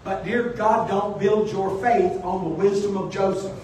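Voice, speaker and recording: A man's voice: high-pitched, fairly even intonation, unhurried, darkish tone, a little hiss or hum. A man preaching a sermon as pastor, emphatic and exhorting his congregation. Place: church sanctuary. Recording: echoey church hall, mic at a distance.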